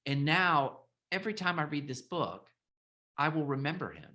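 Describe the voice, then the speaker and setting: A host talking in a casual interview over a video call, halting and repeating words, emotional and animated. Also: mid-range voice. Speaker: podcast host and author.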